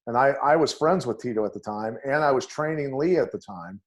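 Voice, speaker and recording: A middle-aged man speaks as a podcast guest, at an ordinary pitch for a man. He tells his fight stories bluntly and with animation, leaning into the action. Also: fairly quick. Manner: blunt and animated, acts out voices in his anecdotes. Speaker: guest, MMA coach. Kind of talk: storytelling on a podcast interview.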